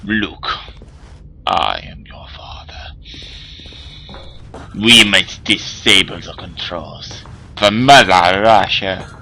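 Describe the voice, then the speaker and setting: Man doing a mock-solemn fake-Russian commander, bright gravelly tone. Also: low-pitched, huge pitch swings, slow, pauses often, a little hiss or hum, voice pushed down, heavily acted.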